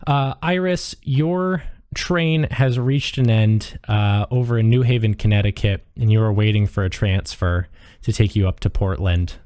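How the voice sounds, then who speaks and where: A man's voice: lowish voice, normal speed, darkish tone, clean tone. A man running a tabletop game as game master, casual and laughing, talking into a headset.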